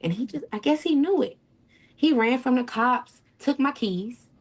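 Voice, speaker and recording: A woman's voice: high-pitched, lively intonation, moderate pace. A woman telling her own story as an interview guest, often quoting others and swinging her voice up and down. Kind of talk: emotional first-person account.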